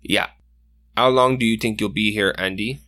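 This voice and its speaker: A male game master narrates a tabletop game in a casual, filler-heavy way. His voice sits a little low. The sound is close and dry. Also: fairly even intonation, normal speed, bright, forceful tone, no echo.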